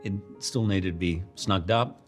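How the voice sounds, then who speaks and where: A man in casual chat, telling stories in a friendly, animated way as a guest actor on an interview show. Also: low-pitched, a little slow, faint music behind.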